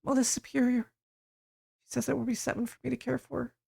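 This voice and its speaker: A man voicing a dazed young woman living on the street, speaking in a soft, distant, confused way. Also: very high-pitched, flat delivery, a little fast, creaky, husky, pitched above the performer's own voice, exaggerated voice.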